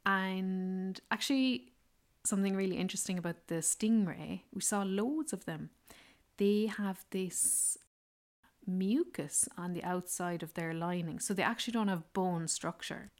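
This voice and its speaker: A woman telling a rambling, casual travel story, full of "like" and "yeah". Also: on the low side. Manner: chatty, rambling, fond of fillers like "like" and "yeah". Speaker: travel vlogger.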